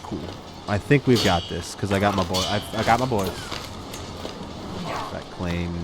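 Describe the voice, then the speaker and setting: A young man casually commenting on his own strategy game, muttering to himself and flaring up to yell at his units. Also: low voice, measured pace, long pauses, background noise. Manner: talks to himself, flares up yelling at his units. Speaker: streamer playing a strategy game. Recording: game music underneath. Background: game music.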